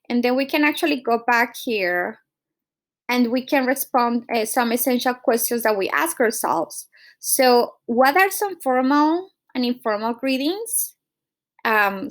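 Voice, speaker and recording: Woman teaching, checking in with "okay?". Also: fairly high pitch. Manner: relaxed, explaining step by step with frequent "okay?" checks. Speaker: Spanish teacher. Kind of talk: recorded online lesson.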